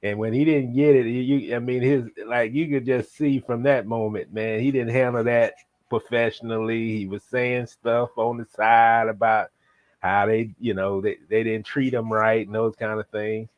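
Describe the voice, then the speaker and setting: A man from Florida, a sports reporter guest on a casual sports show, who talks haltingly with many restarts. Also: medium pitch, steady tone. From Jacksonville, Florida.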